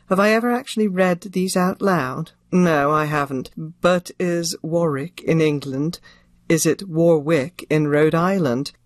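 Here an older audiobook narrator handles questions from an interviewer. Her low voice carries crisp, theatrical phrasing, and the dry recording has no echo or room sound.

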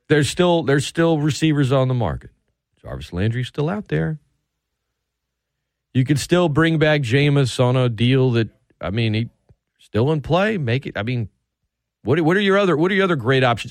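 Heated sports radio host. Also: male voice, medium pitch, lively intonation, normal speed, no room sound. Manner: heated, sarcastic, emphatic. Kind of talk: opinionated sports talk radio rant. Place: radio studio.

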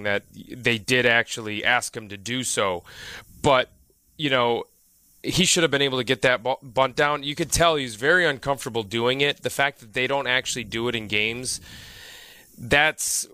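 A man's voice: medium pitch, normal speed, smooth, dry recording. A man, a former player, giving emphatic baseball analysis on sports talk radio. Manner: animated, emphatic, with restarts.

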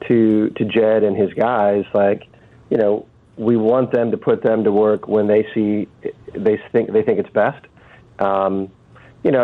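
Calling into a radio program as a guest, a man with a medium-pitched voice speaks over the phone in a halting way, full of fillers and false starts.

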